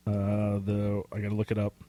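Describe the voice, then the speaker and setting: A man co-hosting a casual pop-culture podcast. He talks in a rambling, excitable way with casual swearing, and his voice is getting hoarse. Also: lowish voice, moderate pace, dry recording. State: losing his voice. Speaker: podcast co-host. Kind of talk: casual chat.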